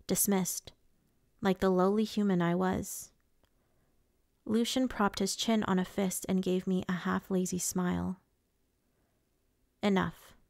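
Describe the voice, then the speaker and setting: A woman narrating a first-person audiobook in a measured, steady way. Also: medium pitch, creaky, dry recording, clean studio sound.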